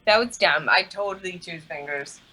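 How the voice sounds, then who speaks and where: A woman's voice: fairly low pitch, normal speed, pushed and bright, low-quality recording. A young woman co-hosting a casual recap chat, making dry, teasing quips. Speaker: podcast co-host.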